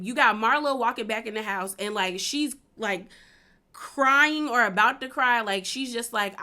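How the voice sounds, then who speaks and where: A young woman with a bright, forward voice sitting a touch high, chatting loosely through a reality-show recap. She laughs often and leans on filler words as she goes. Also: normal speed. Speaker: recap vlogger.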